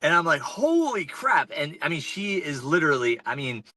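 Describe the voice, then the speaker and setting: A man in his forties from North Carolina, an ultrarunner telling race stories on a podcast in casual, animated fashion with lots of fillers and restarts, calling in from inside a truck. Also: on the high side, brisk, no echo, rough recording. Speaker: ultrarunner guest. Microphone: remote call-in.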